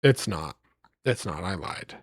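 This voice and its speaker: A man's voice: low-pitched, lively intonation, measured pace, breathy edge, dry recording, clean studio sound. A man streaming live, rambling playfully to his chat as he reads place names aloud.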